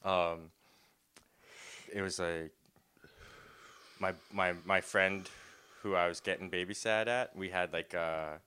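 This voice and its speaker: A young man co-hosting a casual podcast, his low voice smooth and bright. He rambles through stories with a stream of fillers and false starts. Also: fairly even intonation, slow, pauses often. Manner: rambling, many fillers and restarts, laughs a lot. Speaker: podcast co-host.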